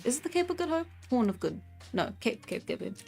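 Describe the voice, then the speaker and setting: A woman's voice: fairly high pitch, big pitch swings, fast, vocal fry, a little mellow. A young South African woman hosting a live stream, chatting casually and laughing often while answering chat. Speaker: livestream host. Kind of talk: casual chat, reading out chat comments. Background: faint background music.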